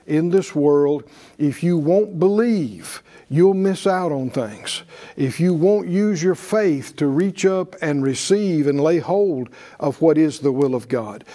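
A man's voice: on the high side, mellow. A man teaching a faith class in a conversational sermon style, with frequent fillers and restarts, leading his audience in call-and-response.

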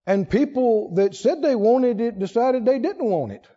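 A man preaching in a high, mellow voice that leaps and drops all over. He throws high emphatic bursts at the congregation and then sinks into quiet asides. The sound is dull and lo-fi, with a long reverb trailing off the walls. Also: expressive, unhurried. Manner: acts out quoted prayers and God's words in raised voice. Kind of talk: sermon.

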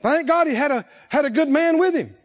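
High-voiced, lively man preaching. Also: fairly quick, highs cut off. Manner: dramatic storytelling, acting out voices, shouting peaks. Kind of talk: sermon.

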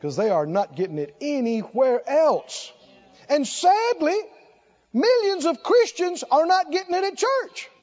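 High voiced preacher guy, slow and lively, hammering the same lines over and over, muffled old recording. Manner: emphatic, repeats phrases, exclaims. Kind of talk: sermon.

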